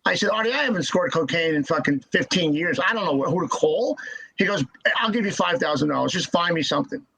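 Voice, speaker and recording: A man telling stories as a podcast guest in casual chat, halting and repeating words as he restarts. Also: fairly high pitch, lively intonation, gravelly, bright, forceful tone, husky, rough recording.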